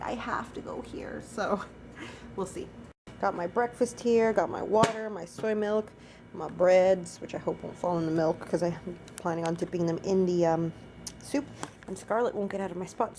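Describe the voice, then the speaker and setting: A woman's voice: mid-range voice, background noise. A young woman chatting through a casual daily vlog at home, rambling and talking to her dogs. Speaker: vlogger. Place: at home, indoors.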